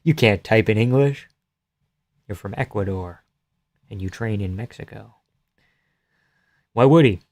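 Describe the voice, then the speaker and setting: A man's voice: fairly low pitch, measured pace, pauses often, a little mellow, no room sound, studio quality. A man streaming live, chatting casually and joking through a fight watch-along, reading chat aloud and swearing freely.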